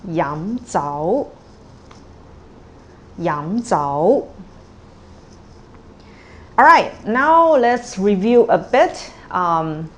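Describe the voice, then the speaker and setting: A woman teaching tones in a patient, unhurried way, modelling each word twice. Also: mid-range voice, fairly bright tone, slight background noise. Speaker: Cantonese teacher. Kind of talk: tone pronunciation lesson.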